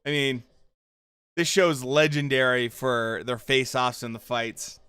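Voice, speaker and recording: Bright, crisp-voiced man chatting on stream. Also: medium pitch, steady tone, unhurried, no room sound. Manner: chatty, reacts to chat and the show with loose fan talk. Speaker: streamer hosting a watchalong. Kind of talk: casual livestream commentary.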